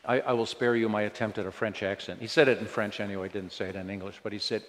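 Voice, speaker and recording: A man's voice: on the low side, steady tone, quick pace, few pauses. Man preaching in a reverberant hall. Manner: earnest preaching with rhetorical questions. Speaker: pastor. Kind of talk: sermon.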